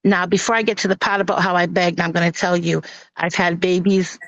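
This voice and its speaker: A woman telling her own hard story on a live stream, halting with many pauses and restarts and acting out what others said. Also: fairly low pitch, flat delivery, fairly bright tone, slight background noise. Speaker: guest sharing her personal story. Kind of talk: emotional personal testimony on a live stream. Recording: dull lo-fi stream audio.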